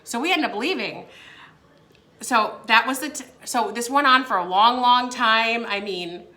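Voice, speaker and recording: A young woman casually telling a story to her viewers, giggling between phrases and filling pauses with "like" and "um". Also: on the high side, pushed and bright. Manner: giggly, laughs between phrases, many fillers. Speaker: vlogger.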